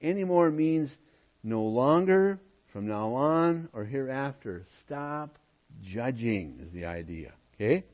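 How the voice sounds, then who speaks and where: A man preaching a verse-by-verse sermon to his church, emphatic at times and then dropping to quiet asides. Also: medium pitch, lively intonation, takes it slowly, muffled recording. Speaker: pastor. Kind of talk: expository sermon.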